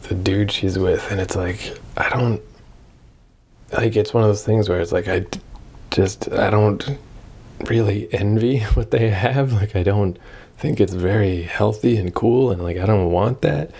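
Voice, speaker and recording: Low, husky man rambling to himself. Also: a little slow, a little mellow. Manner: rambling, self-reflective, swears often. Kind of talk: casual personal vlog monologue.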